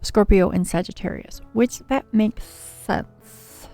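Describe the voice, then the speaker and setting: Gravelly-toned woman reading tarot on a livestream. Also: medium pitch, slow pace, dark tone, soft background music. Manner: soothing, chatty, reads viewer names and card meanings. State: slightly scratchy voice from a cold. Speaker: tarot reader and livestream host.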